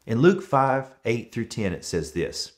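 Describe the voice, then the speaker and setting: A man in his thirties, a pastor giving a conversational sermon and telling relaxed everyday stories to make his points. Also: mid-range voice, unhurried. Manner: relaxed storytelling with everyday examples.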